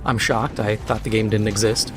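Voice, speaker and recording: A man's voice: fairly low pitch, little pitch movement, normal speed, music in the background. Sarcastic man ranting over gameplay. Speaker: gaming video host. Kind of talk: casual gaming commentary while playing.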